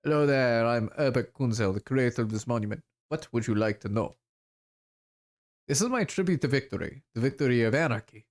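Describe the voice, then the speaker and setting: A man's voice: mid-range voice, fast talker, lightly acted. A man voicing a smug male orc artist who calls himself a visionary, reading the game dialogue aloud in a grand, self-important way.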